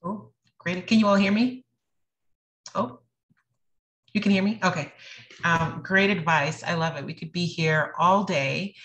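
A woman's voice: on the low side, a little slow, pauses often, a bit bright. A woman with a New England accent moderating a video-call panel, friendly, with many ums and restarts. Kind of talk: webinar panel wrap-up.

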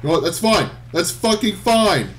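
A young man giving frustrated gameplay commentary, swearing, pleading and shouting in exasperation. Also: high-pitched, animated, moderate pace. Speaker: gaming video creator.

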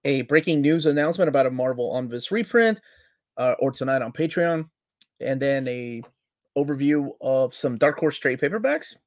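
A man co-hosting a live comics talk stream, relaxed and joking, loudly greeting people in the chat. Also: medium pitch, moderate pace, dry recording, clean studio sound. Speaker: co-host of a live comics show.

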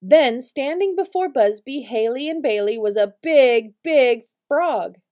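A woman reading a picture book aloud to preschool children, with expressive storytelling. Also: high voice, a little slow. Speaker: storytime reader.

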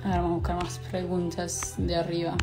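A woman's voice: on the low side, monotone, fast, over music. Casual swearing young woman streamer. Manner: chatty, swears casually, switches between Spanish and English. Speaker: livestreamer answering viewer questions. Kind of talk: casual live stream chat.

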